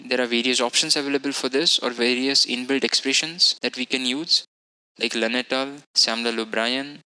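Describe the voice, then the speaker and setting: Bright-voiced man giving a technical lecture. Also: medium pitch, poor audio. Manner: methodical, explanatory, self-correcting. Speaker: instructor.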